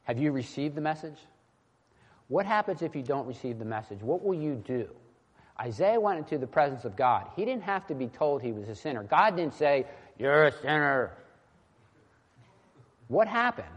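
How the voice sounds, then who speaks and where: A man's voice: on the high side, breathy edge. A young man preaching a sermon in an earnest, impassioned way, often restarting his sentences. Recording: long hall reverb.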